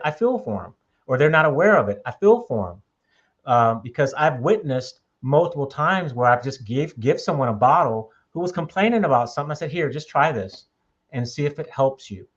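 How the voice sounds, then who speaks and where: A man's voice: medium pitch, animated, brisk, dull audio. A man talking in a casual podcast conversation, making his points emphatically and checking in with "okay?". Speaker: podcast host.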